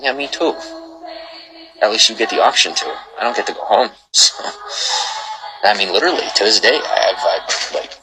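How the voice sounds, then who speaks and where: Deep-voiced man heated on a livestream. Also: lively intonation, a little fast, long pauses, over music, poor audio. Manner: heated, rambling, repeats himself. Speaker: livestream host. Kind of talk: casual livestream chat reading viewer comments.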